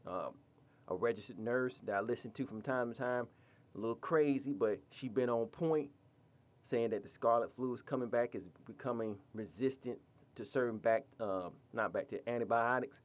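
A man rants on his podcast with a blunt, scolding delivery and plenty of profanity. His speaking voice sits at an ordinary, mid-range pitch. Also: normal speed. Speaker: podcast host. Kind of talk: podcast rant.

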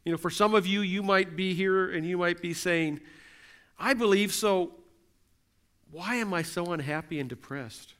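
With a high, clean, fairly bright voice and a moderate pace, a middle-aged pastor delivers an earnest sermon. He keeps posing rhetorical questions, letting them build.

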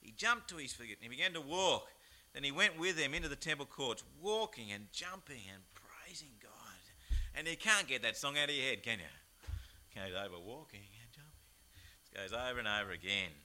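A man with an Australian accent, preaching a chatty, animated sermon with plenty of rhetorical asides. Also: medium pitch, brisk. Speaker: pastor. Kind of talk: lively sermon.

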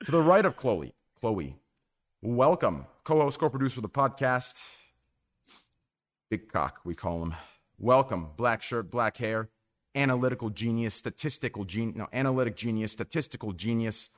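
A man's voice: medium pitch, expressive, moderate pace. A man hosting a casual group podcast, joking and rambling as he introduces guests. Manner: joking, rambling, trails off and restarts. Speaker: podcast host.

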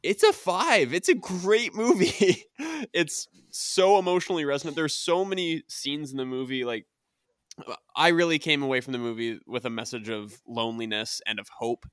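Male podcast co-host, sharp bright voice, dry sound, candid and chatty. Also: a little high, moderate pace, no room sound. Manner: earnest, candid, laughs often. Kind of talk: casual film review chat.

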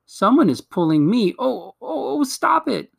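A man's voice: sits high, big pitch swings, moderate pace, a bit bright, pitched above the performer's own voice, full character voice. A man voicing a sensible, anxious older schoolgirl in a children's story read aloud. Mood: alarmed.

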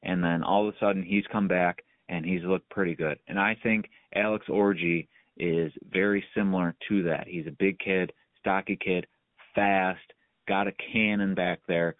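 Deep-voiced man talking sports, phone-thin. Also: steady tone, moderate pace, dry recording. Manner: rambling, emphatic opinions. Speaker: podcast host. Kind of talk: casual sports chat. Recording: dry, phone-like sound.

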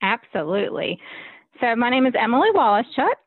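A woman's voice: fairly high pitch, big pitch swings, fairly quick, slightly rough, dry recording. Friendly woman from Alabama on a tinny line. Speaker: podcast guest, legal marketing professional. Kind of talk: casual interview chat. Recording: tinny phone-line sound.

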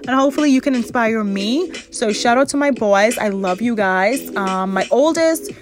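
Woman, 30s, podcast host, effusive and chatty, slightly high voice, music bed. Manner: effusive, chatty, lots of "like" fillers. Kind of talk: casual solo podcast monologue.

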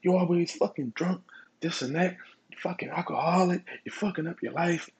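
A man voicing a shouting army sergeant who scolds a drunk soldier. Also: on the high side, very animated, moderate pace, pitched above the performer's own voice. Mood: furious scolding. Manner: yelling, scolding.

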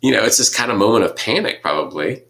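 Deep voiced guy with a bright tense tone, musing out loud, lots of restarts. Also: animated, fast talker, creaky. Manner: thinking aloud, hesitant, restarts, acts out quotes. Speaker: podcast co-host discussing scripture. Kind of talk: casual conversation.

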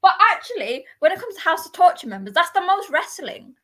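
A woman co-hosting a casual wrestling podcast, chatty and quick to laugh. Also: extremely high pitch. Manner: lively, laughs often, chatty. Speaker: podcast co-host.

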